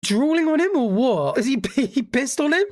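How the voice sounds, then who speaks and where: A man's voice: very high-pitched, expressive, normal speed. A man narrating a reaction video with dry, sarcastic jokes. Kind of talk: scripted commentary with jokes.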